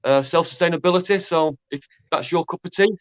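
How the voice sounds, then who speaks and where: A man with a Northwest England accent, chatting as a guest gardener on a video call, deadpan and halting with restarts. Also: a little high, clear, resonant tone, no room sound. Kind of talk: casual chat.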